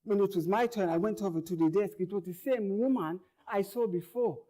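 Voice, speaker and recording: A man's voice: high voice, fairly quick. Earnest man telling his own story. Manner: earnest, repeats words and phrases, grows louder as tension builds. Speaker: monologue performer. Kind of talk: performed first-person storytelling.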